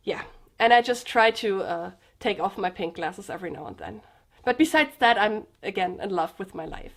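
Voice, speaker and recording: A woman's voice: medium pitch, expressive, moderate pace, fairly bright tone. A young woman from Germany with a German accent, speaking in an earnest, hesitant way, with fillers and restarts, in a personal confessional vlog. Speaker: vlogger.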